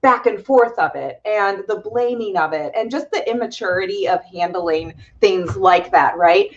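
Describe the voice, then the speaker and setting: A woman's voice: mid-range voice, normal speed, muffled recording, a little hiss or hum. A young woman co-host telling a dramatic story in casual chat, with gasps and laughs.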